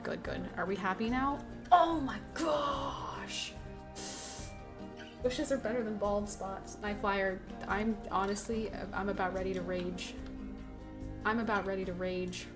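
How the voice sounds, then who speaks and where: Chatty woman streamer, game music behind. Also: mid-range voice. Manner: chatty, scolds and pleads with the game animals, laughs at herself. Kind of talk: live gameplay stream commentary.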